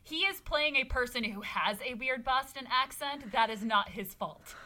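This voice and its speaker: A woman with a high voice hosts a podcast, chatting casually at a normal pace. She tells stories with animation and laughs often.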